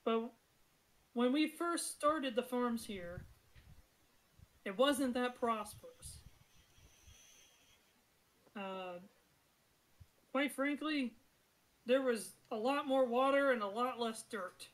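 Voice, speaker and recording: A woman's voice: a little high, animated, takes it slowly, pauses often, low-quality recording. A woman voicing a humble older male farmer who gives an earnest, slightly sentimental speech.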